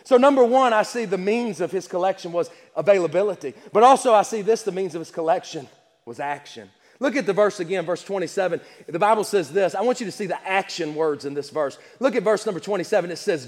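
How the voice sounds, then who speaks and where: A man's voice: sits high, animated, a little fast. A man preaching a sermon in a church, with rhythmic phrasing, repeating key lines and reading scripture aloud. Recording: long echo of a church hall.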